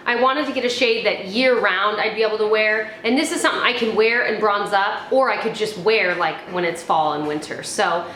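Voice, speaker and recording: Recorded in an echoey room with faint background noise, an American beauty vlogger with a mid-range, fairly bright voice casually reviews products. The young woman is chatty, rambling along with many fillers and restarts.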